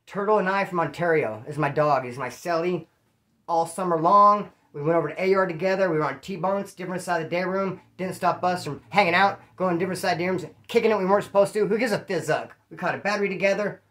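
A man from California telling his own prison stories in a casual, profane, animated way and acting out what people said. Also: high voice, quick pace. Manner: profane, animated, acts out quoted dialogue. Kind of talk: casual storytelling.

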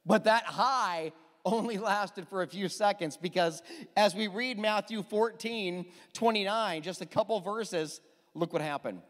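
A man preaching a sermon as pastor, emphatic and animated, with quick asides to the congregation. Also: high voice, in a large hall.

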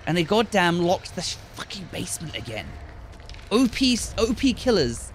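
High-voiced guy yelling and muttering through a horror game on a headset, swears a ton, super animated. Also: normal speed, slight background noise. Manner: excitable, swears a lot, swings from mutters to yells. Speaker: gaming video creator. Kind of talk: gameplay commentary. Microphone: gaming headset.

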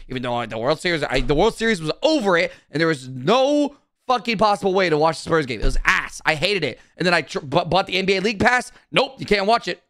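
A male streamer rants to his chat in a heated, profane way, circling back to the same complaints again and again. His voice sits a little high for a man. The sound is dry and close, with no room around it. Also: sing-song, quick pace, few pauses, fairly bright tone, dry recording. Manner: profane, heated, repetitive ranting. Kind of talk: casual live-stream rant.

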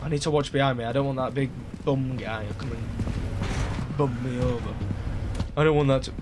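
A man streaming a game live, chatting along and breaking into excited shouts. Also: medium pitch, moderate pace. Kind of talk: live gameplay commentary. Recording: steady background noise.

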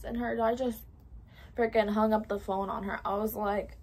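A woman's voice: fairly high pitch, level tone, normal speed, a little mellow, a little hiss or hum. A woman in her late teens from California telling a casual, profane storytime, full of fillers and whispered asides. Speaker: vlogger. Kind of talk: storytime vlog.

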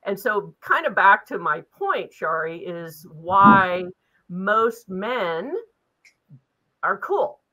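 A woman's voice: mid-range voice, lively intonation, drawn-out words, pushed and bright, rough recording. A woman in her fifties, a business advisor talking as an interview guest in a blunt, direct way with a sense of urgency. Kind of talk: casual interview talk.

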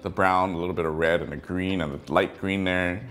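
A man hosting a casual review vlog, chatting excitably and talking straight to his viewers. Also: deep voice, a little fast. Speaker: toy brick set reviewer, channel host.

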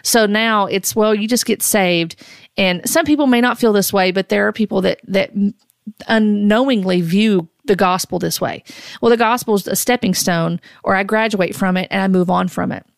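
A woman giving earnest, measured Christian commentary, often restarting her sentences as she goes. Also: mid-range voice, vocal fry, no room sound, studio quality.

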